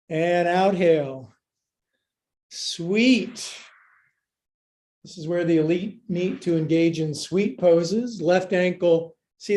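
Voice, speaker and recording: A man's voice: high-pitched, darkish tone. A male yoga teacher leading a live-streamed class, cueing poses with playful jokes and sometimes out of breath.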